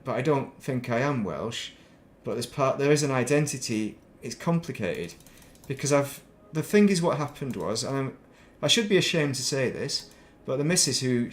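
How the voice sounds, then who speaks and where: A man with a softened northern English accent talks in a loose, meandering way, drifting from thought to thought. He is a middle-aged game streamer chatting casually as he plays, with a mid-range everyday voice. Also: mid-range voice. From northern England. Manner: rambling, thinks aloud, laughs at himself. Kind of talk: casual chat while playing.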